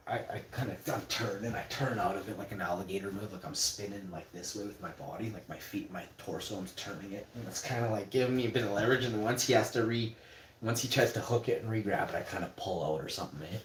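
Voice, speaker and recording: A man's voice: deep voice, slight background noise. A young man telling a story in a casual, rambling, profane way. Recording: roomy echo.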